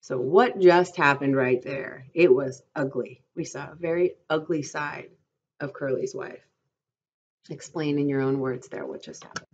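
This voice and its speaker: A woman's voice: deep voice, slightly rough, lo-fi sound. A woman teacher reading a novel aloud, stopping to ask her students questions. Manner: pauses to quiz listeners.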